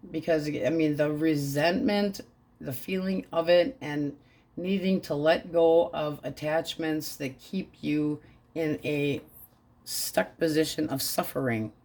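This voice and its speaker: A woman's voice: sits low, a little mellow. A woman giving a casual tarot reading, talking bluntly and crudely in a frank, offhand way. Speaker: tarot reader.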